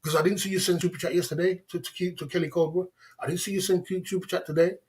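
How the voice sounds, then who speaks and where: Livestream host, man, mocking and insistent, a touch high in pitch. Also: fairly even intonation, quick pace, a little mellow. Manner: taunting, repetitive, laughs often. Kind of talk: livestream rant at chat.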